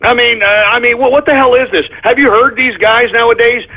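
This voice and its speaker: A man hosting a talk radio show, ranting in a profane, repetitive way with a husky voice. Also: extremely high pitch, steady tone, a little fast. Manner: profane, ranting, repeats himself. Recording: tinny phone-like radio audio.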